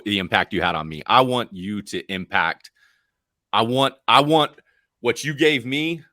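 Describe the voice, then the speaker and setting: A man hosting a podcast interview, speaking earnestly and haltingly, often restarting his sentences. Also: on the low side, sharp tone, dry recording, studio quality. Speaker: podcast host.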